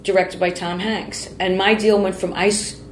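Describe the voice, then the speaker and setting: A woman's voice: mid-range voice, flat delivery, unhurried, reverberant, a little hiss or hum. Blunt, profane woman comedian. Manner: blunt, profane storyteller who acts out quotes. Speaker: comedian guest. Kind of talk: casual interview chat.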